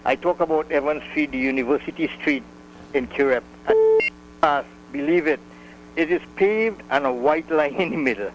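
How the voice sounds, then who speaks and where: A man's voice: a little high, moderate pace, rough recording. A man calling in to a radio show, complaining insistently. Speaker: caller.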